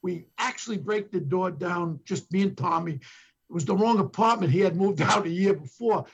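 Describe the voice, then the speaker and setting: Gravelly older New York storyteller. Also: male voice, high-pitched, moderate pace, lo-fi sound. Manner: acts out quotes from others with emphatic bursts. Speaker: former police detective telling stories as a podcast guest. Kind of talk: animated storytelling.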